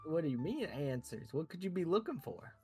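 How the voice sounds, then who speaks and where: A man's voice: fairly high pitch, very animated, a little fast, darkish tone, soft background music. A man voicing a broke, gloomy dwarf in a tavern, trying and failing at a Scottish accent. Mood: glum. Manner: bungled attempt at a Scottish accent.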